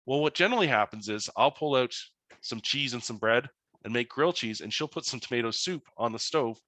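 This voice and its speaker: A man's voice: medium pitch, fairly quick, dry recording. A man, a financial educator telling anecdotes in an online webinar presentation. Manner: animated anecdotal storytelling.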